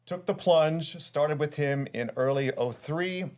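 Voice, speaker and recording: A man's voice: on the high side, unhurried, darkish tone, clean tone. A man, a guest on an interview show, telling his story casually with fillers and restarts. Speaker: guest, title insurance executive.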